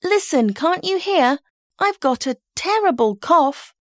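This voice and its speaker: A woman's voice: sits high, expressive, unhurried, no echo, clean studio sound, pitched above the performer's own voice. A woman doing a whiny sick young girl. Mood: whiny pleading. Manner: pleading, dramatic complaining. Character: whiny sick twelve-year-old girl.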